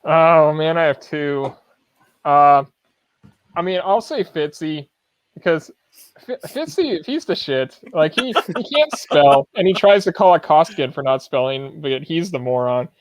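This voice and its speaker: A man's voice: fairly high pitch, lively intonation, unhurried, dry recording. Male podcast co-host, easygoing and amused, slightly raised voice, dry sound. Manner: easygoing, laughs between remarks. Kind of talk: casual film discussion.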